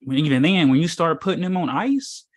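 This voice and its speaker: His voice sits a little high, with lively intonation and a fairly quick pace. A man plays spiritual teacher at an informal meetup, delivering a casual, preachy talk that rambles and presses its points, heavy on fillers and rhetorical questions.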